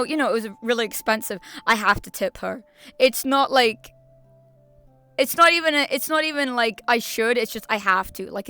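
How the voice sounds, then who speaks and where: A woman's voice: on the high side, sharp tone, clean tone. A young woman streamer chatting casually to her viewers, rambling with restarts, slang and laughter. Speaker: VTuber streamer.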